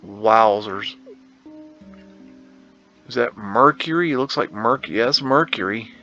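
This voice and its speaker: A man's voice: on the low side, lively intonation, takes it slowly, bright, forceful tone. A man hosting a casual photo-tour commentary, rambling and musing with slangy asides. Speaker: host. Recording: dull lo-fi sound with faint guitar music.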